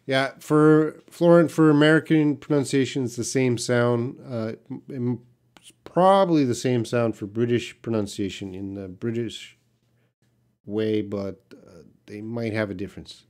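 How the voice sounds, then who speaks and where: A man's voice: medium pitch, unhurried, darkish tone. Canadian man teaching on a live stream. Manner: reads viewer questions aloud and answers plainly, blunt at times. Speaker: English teacher.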